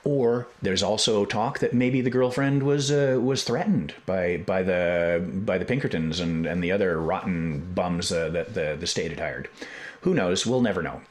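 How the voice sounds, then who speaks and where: A man hosting a podcast, telling a history story in a casual, animated way with profane jokes and digressions. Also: low voice, moderate pace. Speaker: podcast host.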